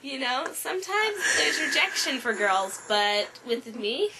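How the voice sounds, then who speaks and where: A woman's voice: high-pitched, big pitch swings, unhurried. A woman speaking in a smug, matter-of-fact way, answering an interviewer and sometimes drawing her words out. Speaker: comedic confessional speaker. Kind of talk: deadpan mock interview. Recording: faint background noise.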